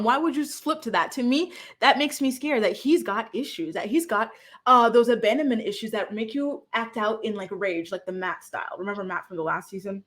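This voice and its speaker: A woman's voice: a little high, fairly quick. Chatty woman recapping reality TV. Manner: animated, chatty, acts out quotes with lots of "like". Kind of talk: casual recap talk to camera.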